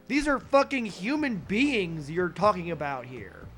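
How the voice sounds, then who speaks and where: This is a casual gaming-stream rant from a young man at home, full of cursing and sarcasm aimed at his desk microphone. His voice sits high and sounds sing-song and fairly bright, moving a little slowly. Soft music is in the background.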